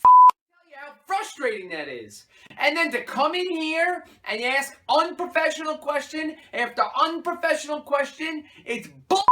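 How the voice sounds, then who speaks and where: A man voicing a hot-tempered male football head coach at a mock press conference, snapping and shouting defensively at reporters. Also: sits high, voice pushed up, exaggerated voice.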